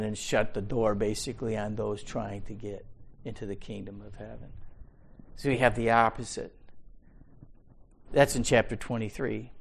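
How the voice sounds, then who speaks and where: A man teaching a Bible study sermon, emphatic and repeating his key words, swinging from quiet asides to loud pronouncements. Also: lowish voice, fairly even intonation, moderate pace, creaky, long pauses, slightly rough.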